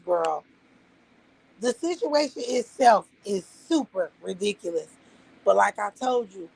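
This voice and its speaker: A woman's voice: mid-range voice, creaky, breathy edge, low-quality recording. A woman from Las Vegas with a vernacular accent, casually ranting to her livestream chat, profane and emphatic, rambling from point to point. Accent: Las Vegas, African American Vernacular English. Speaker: livestream host.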